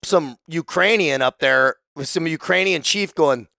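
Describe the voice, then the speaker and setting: A man in a casual podcast interview, telling profane, animated stories and acting out the people he quotes. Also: fairly high pitch, a little slow, creaky, no echo. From San Diego, United States. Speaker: guest, former special forces soldier.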